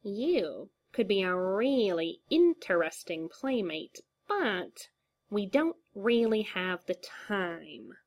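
A woman voicing a menacing male clown villain, in a high, nasal voice that swings up and down in a sing-song and stretches odd syllables, read as part of a story. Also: sing-song, slow pace, exaggerated voice.

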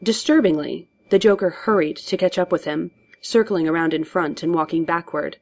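A woman narrating a story in a steady, measured audiobook reading. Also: on the low side.

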